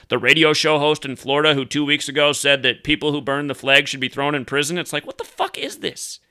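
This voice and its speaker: Bright, crisp-voiced ranting man. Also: a little high. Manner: angry, profane, emphatic ranting. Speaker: conspiracy commentary host. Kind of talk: ranting solo commentary.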